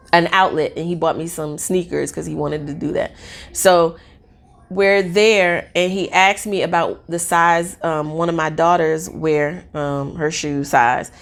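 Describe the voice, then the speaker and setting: A woman in her forties telling a personal story in a casual, rambling, excitable way with lots of fillers. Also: lowish voice.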